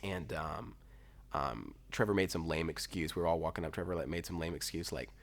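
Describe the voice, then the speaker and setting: A young man earnestly telling how he asked for his fiancée's hand, halting with fillers. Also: deep voice, creaky. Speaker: groom-to-be telling the proposal story. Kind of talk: casual storytelling.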